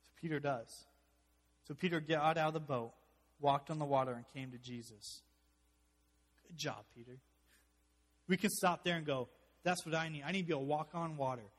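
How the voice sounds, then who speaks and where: A man preaching a sermon as pastor, animated, with joking asides, swinging from loud to hushed. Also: fairly high pitch, fairly quick, pauses often, long reverb tail.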